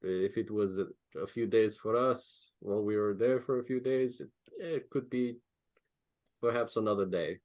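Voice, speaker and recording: A man playing a tabletop game in character, easygoing and quick to laugh. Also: fairly low pitch, darkish tone. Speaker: player.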